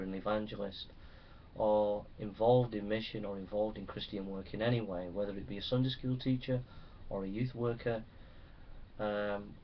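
A man preaching a sermon that builds into loud, impassioned shouting. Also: fairly low pitch, lo-fi sound, a little hiss or hum.

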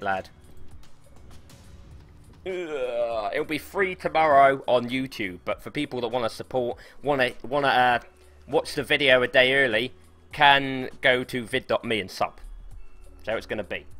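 A man giving casual, excitable and sweary commentary while livestreaming a game and talking to his chat. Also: medium pitch. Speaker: game streamer.

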